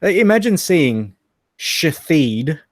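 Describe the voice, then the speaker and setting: A man with an Australian accent co-hosts a laid-back livestream chat, joking, laughing and being crude. His voice is slightly high and sing-song, moving slowly, with clean studio sound and no echo.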